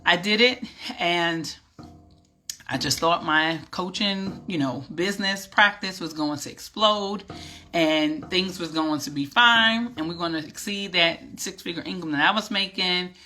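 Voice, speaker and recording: A middle-aged woman tells her own story to the camera in a casual vlog. Her voice is bright and ringing. She speaks in a lively, animated way, like she's chatting with friends. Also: fairly low pitch, a little slow, soft background music. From New York. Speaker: vlogger and business coach.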